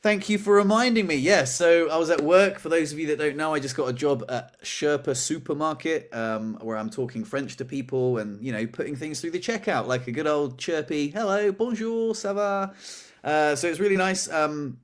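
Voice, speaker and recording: A young man co-hosting a podcast, telling a story in a casual, animated way, pitching up when he acts out dramatic moments. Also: brisk, few pauses. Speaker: podcast co-host.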